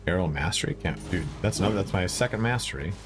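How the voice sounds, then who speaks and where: A man's voice: sits low, lively intonation, fast talker, music in the background. A man streaming a video game, chatting casually with viewers in a rambling way, swearing and exclaiming at what happens on screen. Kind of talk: casual live-stream chat while gaming.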